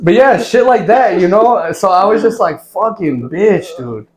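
A man in his thirties from Ohio, a former drill instructor, telling profane war stories in a casual, animated way and laughing often. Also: high-pitched, normal speed, a little hiss or hum. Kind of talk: casual storytelling.

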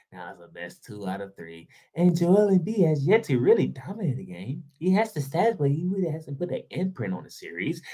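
A man giving a heated solo basketball commentary, ranting and firing rhetorical questions at the team. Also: a little high. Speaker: sports blogger.

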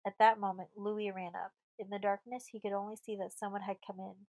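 Lady reading a storybook aloud, steady pace, mid pitch, dry no-echo sound. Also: fairly quick. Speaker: audiobook narrator. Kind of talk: scripted narration.

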